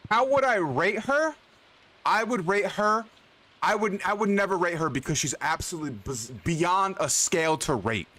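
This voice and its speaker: A man's voice: high-pitched, animated, normal speed, bright, forceful tone. A young man from New York live-streaming a game, chatting casually with viewers in a playful, profane, hyped-up way. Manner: profane, playful, hype banter with chat. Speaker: livestreamer. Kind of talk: casual live-stream chat while gaming.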